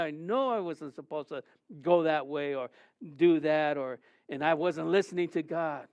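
A middle-aged man preaching a sermon as pastor, his delivery swinging between emotional, raised passages and quiet, subdued confessions. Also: on the high side, normal speed, dry recording, lo-fi sound. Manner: emotional preaching with rising and falling intensity.

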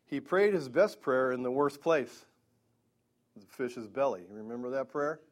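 A man's voice: mid-range voice, expressive, a little slow. A man preaching a Bible-teaching sermon, earnest, with stammering restarts and emphatic peaks.

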